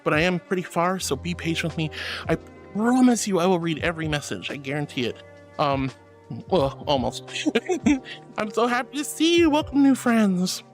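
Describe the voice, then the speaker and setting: On stream, a young man with a high, slightly bright voice reads out chat messages in a warm, theatrical way. He addresses viewers as honey and sweetie.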